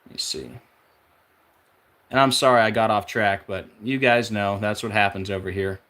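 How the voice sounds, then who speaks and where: In his numerology video, a man whose voice is somewhat low yet a bit bright speeds through lists of numbers and the links he sees, sounding conspiratorial. The casual monologue rambles off track regularly, with him searching out loud and leaning on fillers.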